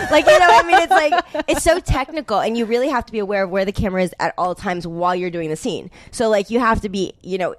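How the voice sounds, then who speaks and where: A woman's voice: mid-range voice, no room sound. A young adult woman, an interview guest, telling stories in casual chat, full of fillers and acted-out quotes. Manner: animated storytelling, heavy filler "like", acts out quotes.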